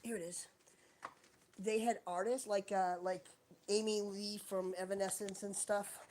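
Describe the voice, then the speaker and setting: A woman talks loosely on a home live stream, drifting from one thought to the next as she hunts around her room. Her voice sits at a middle pitch and comes through a phone mic with a faint hiss behind it. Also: little pitch movement, measured pace, darkish tone. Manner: chatty, wandering, searches while talking. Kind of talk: rambling casual live stream chat. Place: at home, indoors.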